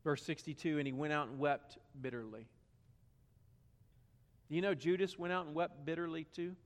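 A man with a Southern US accent from South Carolina preaching a sermon, swinging from hushed, low passages to loud, emphatic rhetorical questions. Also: steady tone, moderate pace, big-room sound. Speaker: pastor.

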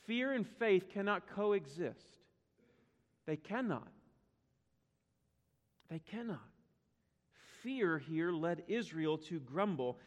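High-voiced emphatic preacher in reverberant church. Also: male voice, a bit bright. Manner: emphatic, repeats words for stress, asks the congregation questions. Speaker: pastor. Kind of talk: sermon. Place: church sanctuary. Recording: long hall reverb.

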